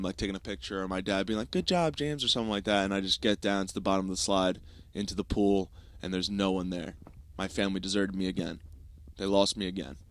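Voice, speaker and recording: A young man hosting a podcast, telling a comic story in a profane, animated style and acting out quick asides. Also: low voice. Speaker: podcast host. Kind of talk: comedic storytelling monologue.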